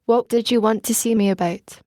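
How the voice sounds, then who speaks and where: A woman reading an old Scottish news editor in a mellow, dry voice, kindly but gruff. The delivery stays close and even, a measured audiobook reading with a light lilt. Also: on the high side, no echo, natural voice. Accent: Scottish, put on.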